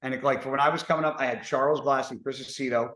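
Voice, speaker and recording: A man who is a bodybuilder, chatting casually on a podcast and rambling through halting restarts. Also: mid-range voice, steady tone, a bit bright. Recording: roomy echo.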